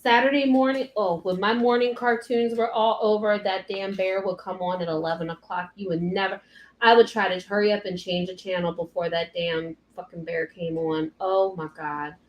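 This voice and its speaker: Brief: young woman cake artist ranting on a live stream, cursing and animated. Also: medium pitch, moderate pace, echoey room. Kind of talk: casual live stream chat.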